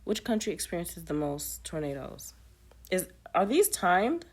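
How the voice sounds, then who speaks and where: Low-voiced woman muttering through a game. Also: very animated, a little slow, breathy edge. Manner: muttering to herself, reading questions aloud. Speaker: player of a trivia app. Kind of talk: casual gameplay commentary.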